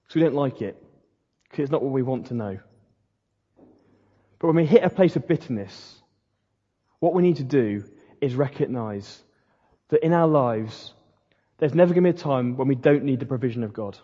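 A man's voice: fairly high pitch, dark tone, breathy edge. A man preaching a sermon in a conversational way, with slips and restarts. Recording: dull lo-fi sound in a reverberant hall.

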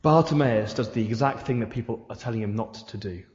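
A man's voice: mid-range voice, brisk, darkish tone. A man preaching a sermon in a church hall, asking his listeners repeated rhetorical questions. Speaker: pastor. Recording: echoey hall, dull sound.

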